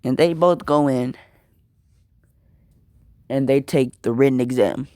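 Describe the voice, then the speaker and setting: Slow, slangy young man telling a story. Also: medium pitch, warm tone, no echo. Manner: slangy, rambling, repeats words. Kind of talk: casual improvised fan-fiction storytelling.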